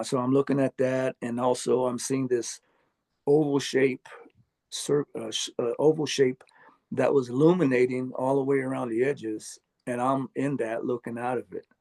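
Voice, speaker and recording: A man earnestly recounting a personal experience, halting often with fillers and restarts. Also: mid-range voice, dark tone. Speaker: near-death experience storyteller. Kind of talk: personal testimony interview.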